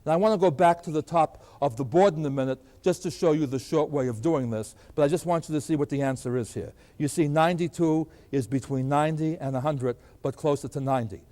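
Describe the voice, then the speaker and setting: A man's voice: fairly high pitch, brisk, hardly any pauses, dark tone. An older man teaching arithmetic at a board, asking questions and answering them himself. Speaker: math teacher. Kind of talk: recorded classroom lecture. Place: lecture room at a board. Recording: long hall reverb.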